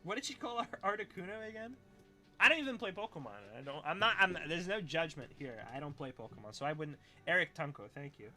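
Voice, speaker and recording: A man's voice: sits high, very animated, a little fast, pushed and bright, faint music behind. A young man chatting casually on a livestream, reading chat, swearing freely and laughing often as he rambles.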